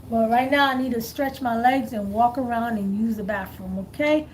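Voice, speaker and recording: A woman's voice: on the high side, normal speed, slight background noise. A woman hosting a live tarot stream, telling stories in a casual, chatty way and laughing often.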